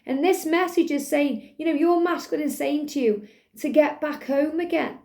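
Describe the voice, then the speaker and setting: Lady doing a tarot reading, soft and soothing, high but mellow voice. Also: normal speed. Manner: soft, soothing, half-sings lyrics. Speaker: tarot reader. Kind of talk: spiritual tarot reading monologue.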